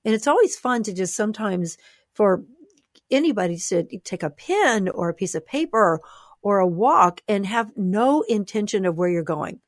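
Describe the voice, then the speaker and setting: Expressive woman author, dry sound. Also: medium pitch, normal speed, no echo. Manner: animated, expressive, playful. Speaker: author and guest. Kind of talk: conversational interview.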